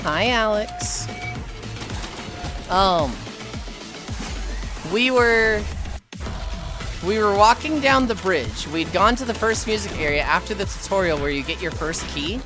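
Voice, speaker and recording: A woman's voice: medium pitch, expressive, slow pace, pauses often. A woman streamer chatting casually and telling stories, swearing freely and acting out quotes. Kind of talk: casual live-stream chat and storytelling. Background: game trailer music.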